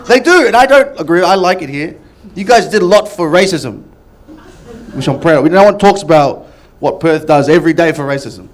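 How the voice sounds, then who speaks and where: A man's voice: fairly high pitch, animated, moderate pace. A man from Melbourne with an Australian accent, performing a crude, loose stand-up set with crowd work. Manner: crude, crowd-work banter, swears freely. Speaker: stand-up comic.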